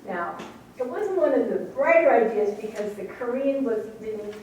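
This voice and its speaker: Middle-aged woman, animated storyteller speaking at a talk, distant mic, big echoey room. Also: fairly high pitch, normal speed. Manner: animated storyteller, acting out quotes, laughing. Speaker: radio station manager recounting events. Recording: echoey room from far off, faint noise.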